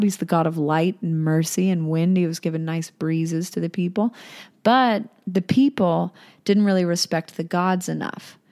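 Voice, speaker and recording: A woman's voice: fairly low pitch, a little mellow. A young woman casually retelling a myth, irreverent and chatty, with swearing and asides. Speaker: storyteller.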